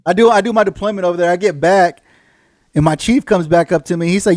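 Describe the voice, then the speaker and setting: A man's voice: sits high, huge pitch swings, normal speed, long pauses, darkish tone, dry recording, studio quality. A man hosting a casual podcast chat, swearing freely and retelling stories through quoted back-and-forth dialogue. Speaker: podcast host.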